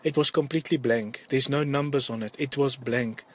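A man giving an urgent, earnest testimony to his church, halting and often repeating his words. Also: mid-range voice, steady tone, a bit bright. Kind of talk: urgent spoken testimony to a congregation.

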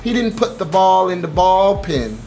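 A woman's voice: medium pitch, animated, moderate pace, gravelly, mellow, faint music behind. A man voicing a young female co-manager tattling eagerly to her boss.

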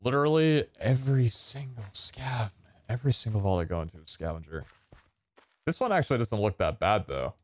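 A man giving casual gameplay commentary, excitable and swearing, with sudden loud outbursts and a voice that cracks. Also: medium pitch, fairly quick, no echo, studio quality. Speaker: gaming streamer.

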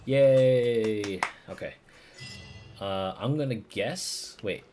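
A man streaming a game, chatting casually and cursing as he reacts. His voice is low but lively, rising and dipping a lot. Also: unhurried, faint music behind. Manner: casual, swears freely, laughs often. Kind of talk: casual gaming commentary.

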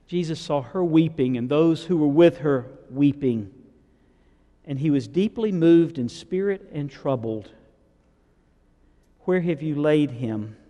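A pastor in a church sanctuary retells scripture conversationally and poses questions to the congregation. His medium-pitched voice is mellow, and the muffled recording carries a long reverb tail.

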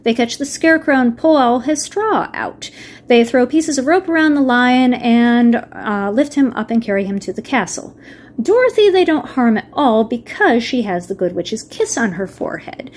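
Higher-voiced woman summarizing a story. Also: animated, normal speed, darkish tone. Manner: wry asides mixed with read-aloud passages. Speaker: video reviewer. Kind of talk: casual book-summary narration.

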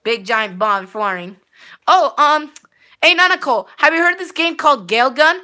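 A woman's voice: sits high, lively intonation, a little fast, pushed and bright. A woman streaming live gameplay who rambles to her viewers, repeating herself and restarting her sentences with many fillers. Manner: rambling, repeats words, talks straight to viewers.

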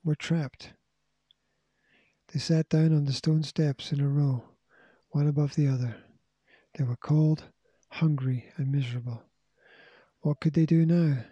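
Storybook narrator, man, steady and measured, dark breathy tone, slightly high. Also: no echo, lo-fi sound. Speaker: audiobook reader.

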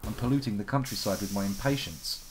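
A UK game streamer in his lowish voice delivers casual gameplay commentary, talking fast over a noisy background. He's wry and self-mocking, and fillers crop up often.

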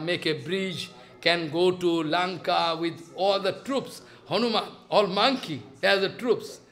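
A man's voice: high-pitched, bright, forceful tone. A man giving a devotional lecture, telling stories with repeated emphatic phrases and rising questions. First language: Bengali. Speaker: spiritual lecturer.

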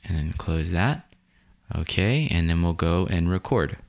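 A man talking through a software tutorial step by step, relaxed and explanatory, as a voice-over. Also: deep voice, unhurried, creaky. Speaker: video editing tutorial host. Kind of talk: screen-recorded software tutorial.

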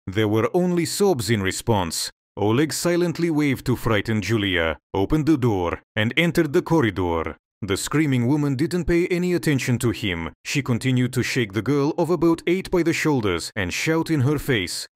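Male storybook narrator, steady delivery, dry booth sound. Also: mid-range voice, moderate pace, hardly any pauses, no room sound.

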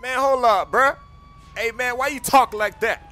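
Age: adult. Sex: man. Style: hyped, slangy gaming roleplay banter as a gang leader. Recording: loud music behind the voice. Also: very high voice, measured pace, slight background noise. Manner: hyped, trash-talking, slangy.

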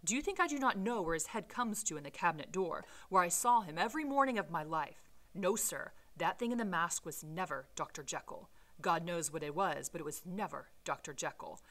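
Audiobook bit: woman reading as a loyal old male butler, earnest and pleading, with a bright, forceful tone. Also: fairly low pitch, expressive, brisk, hardly any pauses. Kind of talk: storybook reading aloud.

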